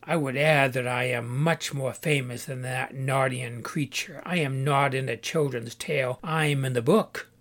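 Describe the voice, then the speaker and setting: A man's voice: medium pitch, fairly even intonation, unhurried, hardly any pauses, a bit bright. A man voicing a grumpy, proud fawn-like male creature from a storybook, speaking in a haughty, correcting way.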